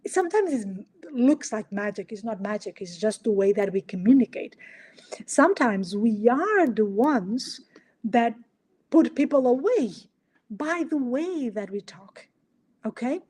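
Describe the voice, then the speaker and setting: A woman hosting a solo podcast in an animated coaching style, asking rhetorical questions and making small grammar slips. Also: on the high side, a little slow, slightly rough. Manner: animated, acts out little dialogues, asks rhetorical questions. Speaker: podcast host.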